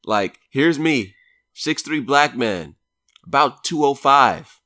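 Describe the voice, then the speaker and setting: A man's voice: mid-range voice, expressive, takes it slowly, bright, forceful tone, no room sound, studio quality. A man co-hosting a podcast, telling a story about himself in a wry, self-mocking way with casual swearing. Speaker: podcast co-host.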